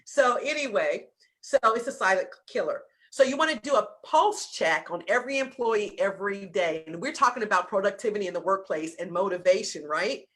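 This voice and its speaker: A woman with a Southern US accent giving an animated business talk over a video call, acting out little scenes in other voices. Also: medium pitch, fairly quick. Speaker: business coach.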